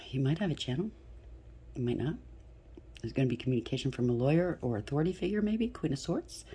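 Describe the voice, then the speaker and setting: A woman's voice: sits low, a little mellow, husky. A middle-aged woman giving a casual tarot reading, blunt and chatty, swearing freely and often checking in with "okay?". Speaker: tarot reader.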